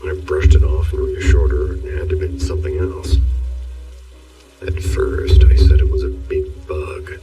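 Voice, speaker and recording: A man narrating horror stories in a hushed, low-key delivery, recorded on a distant mic with faint music underneath. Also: fairly even intonation, measured pace, roomy sound. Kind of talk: scripted horror story narration.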